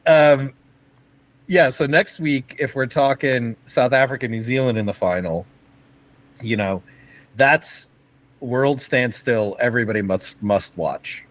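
A man co-hosting a casual sports podcast, his voice sitting in an ordinary middle pitch. He talks with eager enthusiasm but stumbles through fillers and restarts as he builds his point. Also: a little slow, low-quality recording. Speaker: podcast co-host.

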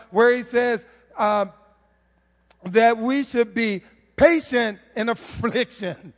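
A man preaching a conversational sermon to his church, animated and humorous, full of rhetorical questions. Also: extremely high pitch. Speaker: preacher on the worship team. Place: church sanctuary. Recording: long reverb of a church hall.

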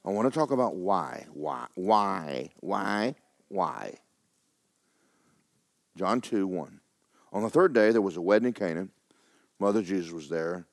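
A middle-aged man preaching a sermon in folksy storytelling, swinging from hushed tones to excited shouting. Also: low-pitched, unhurried, gravelly, pauses often, no room sound, studio quality.

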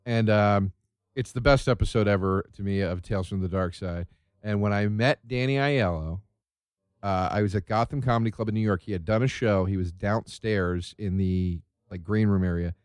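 A man from Philadelphia hosting a podcast, telling a story in an animated, casual way and swearing freely. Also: fairly low pitch, moderate pace, clear, resonant tone, dry recording. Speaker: podcast host. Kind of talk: casual chat.

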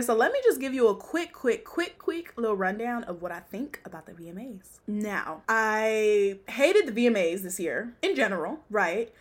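Profane, animated woman host ranting. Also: mid-range voice. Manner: blunt, profane, laughs often. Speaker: podcast host. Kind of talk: casual pop-culture commentary.

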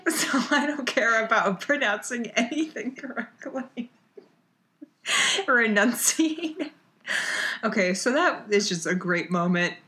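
Woman, American accent, higher voice, lively pitch, slow, giggly casual chat. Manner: giggly, filler-heavy, drawn-out storytelling. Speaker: podcast co-host recapping a TV episode.

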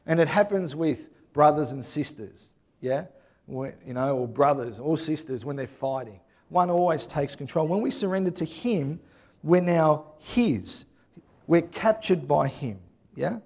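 Male preacher, conversational sermon delivery with frequent "yeah?" check-ins, slightly high voice. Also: darkish tone.

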